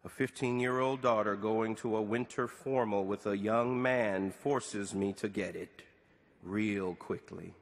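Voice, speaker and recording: Middle-aged guy preaching a prayer to god, slow and deliberate, echoey chapel. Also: fairly low pitch. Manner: slow, deliberate delivery with dramatic pauses and rising questions. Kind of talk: sermon as a prayer addressed to God.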